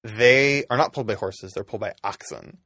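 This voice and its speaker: Casual male GM, low voice, loose rambling delivery, lots of ums. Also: fairly quick, pushed and bright, dry recording, studio quality. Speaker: game master. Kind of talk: narrating a tabletop game.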